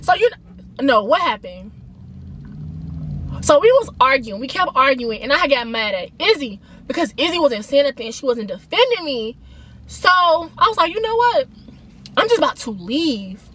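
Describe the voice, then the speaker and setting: A young woman with a bright, high voice tells a story straight to her viewers. Her delivery is animated and emphatic, full of casual slang. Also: normal speed, a little hiss or hum. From Atlanta, USA. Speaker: vlogger. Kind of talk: storytime vlog, casual retelling.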